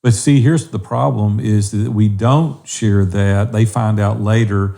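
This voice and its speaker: A man's voice: on the low side, steady tone, measured pace, gravelly, warm tone. A middle-aged man co-hosting a faith-based podcast, earnestly encouraging listeners. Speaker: podcast co-host.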